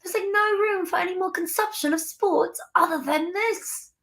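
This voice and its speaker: A woman's voice: very high voice, normal speed, a bit bright. A young woman hosting a casual sports live stream from home, bubbly and chatty, talking straight to her viewers. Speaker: sports podcast host. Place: home room near window.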